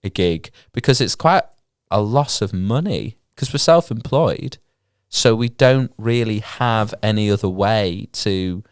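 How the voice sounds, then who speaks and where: Casual podcast co-host, young man, congested nose, smooth low voice, rambly. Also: animated, a little slow, no room sound, studio quality. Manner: rambling, many ums, laughs often. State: stuffy nose from a cold. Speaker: podcast co-host and gigging musician. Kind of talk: casual chat.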